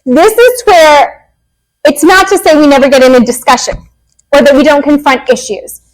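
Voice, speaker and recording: A woman behavior analyst, herself a parent, giving a lively, joking workshop talk to parents. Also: high-pitched, poor audio. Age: adult parent. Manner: lively, joking, acts out quick quotes.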